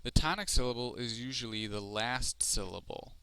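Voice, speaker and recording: A man's voice: medium pitch, sharp tone, clean tone. A man giving a recorded screencast lesson as a Spanish teacher, explaining step by step with frequent ums. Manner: explanatory, slow and deliberate with frequent fillers.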